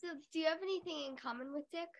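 A woman interviewing a guest in casual chat, upbeat with brisk questions. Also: high voice.

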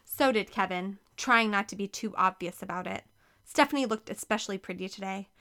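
Bright, expressive woman narrating a story. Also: mid-range voice, a little fast. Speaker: audiobook reader. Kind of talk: scripted narration of a children's novel.

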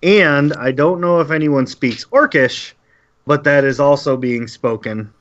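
A male game master describing the scene slowly, pausing often and filling the gaps with fillers. His voice sits at a middle pitch. The audio is muffled and lo-fi. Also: a bit bright. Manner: halting, with many fillers. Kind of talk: narrating a tabletop game. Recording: dull lo-fi audio.

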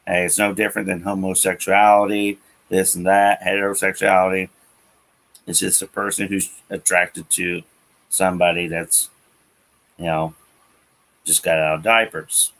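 A man's voice: low-pitched, little pitch movement, moderate pace, pauses often, a bit bright, rough recording. A man hosting his own show, delivering an angry, profane political rant with emphatic repetition. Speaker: political commentary host.

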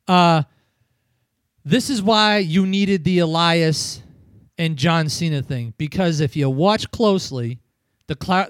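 A man's voice: on the high side, no room sound, clean studio sound. A man from New England ranting profanely as a podcast host in a casual wrestling review chat.

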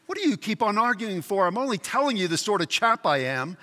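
Man doing a boastful, indignant male ghost, high and sharp, long hall reverb. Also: sing-song, brisk, heavily acted. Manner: indignant, argumentative, sulky. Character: blustering, self-righteous male ghost of a working man.

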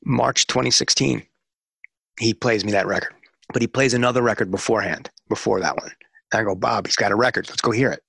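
A man with a somewhat low, husky voice tells an interview story, acting out the lines of the people he talks about. The sound is dry and close. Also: a little fast, dry recording. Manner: animated storyteller acting out dialogue. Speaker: music radio promotion executive.

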